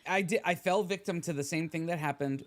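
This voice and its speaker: A man with a somewhat high voice talks through a novel in a relaxed book club. He reflects aloud and drops easy jokes. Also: a little fast. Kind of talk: casual book discussion.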